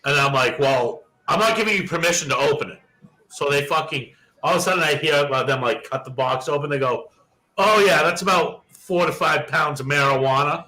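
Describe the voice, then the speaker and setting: Casting: young adult male co-host, a bit high and very bright, profane, animated storyteller. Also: brisk, low-quality recording. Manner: profane, animated storyteller who acts out quoted dialogue. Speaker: podcast co-host. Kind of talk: casual storytelling chat.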